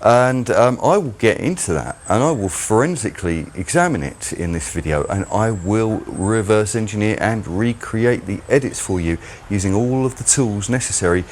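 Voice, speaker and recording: A man's voice: fairly low pitch, a little hiss or hum. A man hosting his own channel, delivering a rambling, mocking solo commentary. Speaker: channel host.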